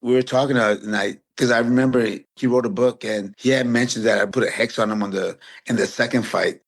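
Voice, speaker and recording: A man in his fifties from San Antonio, a retired boxer telling stories as a podcast guest, relaxed and animated. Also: mid-range voice, a little fast. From San Antonio, Texas. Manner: relaxed, animated storyteller who acts out quotes. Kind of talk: casual interview storytelling.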